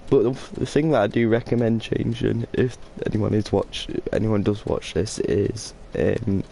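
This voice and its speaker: Drowsy rambling man with a gravelly voice. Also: fairly low pitch, fairly even intonation, unhurried, dark tone, a little hiss or hum. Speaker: gameplay streamer. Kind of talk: casual gameplay commentary.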